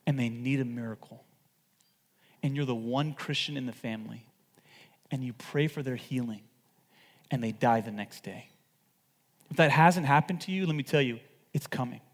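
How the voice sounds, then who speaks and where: A man preaching a sermon to his church, swinging between loud outbursts and hushed asides and acting out the people he quotes. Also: a little high, big-room sound. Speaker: pastor.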